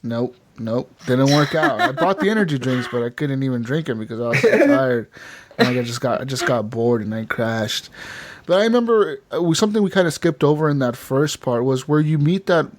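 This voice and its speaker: A man casually chatting on a podcast, telling stories with lots of swearing and acting out characters in shouted voices. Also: a little fast. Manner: animated storytelling, acts out characters with high shouts and swearing. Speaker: podcast co-host. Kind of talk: casual chat.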